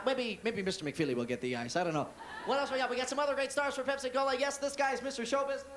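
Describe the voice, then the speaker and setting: A male comedian doing stand-up in a comedy club, telling a story fast with restarts. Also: very high-pitched, a little hiss or hum. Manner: rapid, animated storytelling with restarts.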